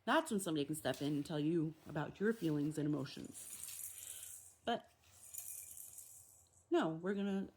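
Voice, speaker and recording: Woman, casual recovery talk, lively, acts out voices. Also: low-pitched, moderate pace, long pauses. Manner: animated, acts out quoted voices. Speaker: recovery meditation host. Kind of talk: casual spoken reflection.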